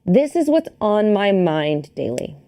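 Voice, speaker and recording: Woman cohost chatting on a podcast, bouncy pitch, warm tone, laughs a lot. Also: sing-song, unhurried. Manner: playful, laughing often. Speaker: podcast co-host. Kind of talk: casual chat.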